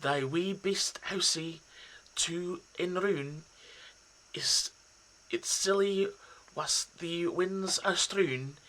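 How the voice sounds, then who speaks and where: A man putting on a Scottish accent to recite a poem as a farmer speaking gently to a mouse, in a raised, drawn-out, declaiming voice. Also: high-pitched, voice pushed up, exaggerated voice, rough recording. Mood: tender, rueful. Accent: put-on Scottish. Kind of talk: poetry recitation.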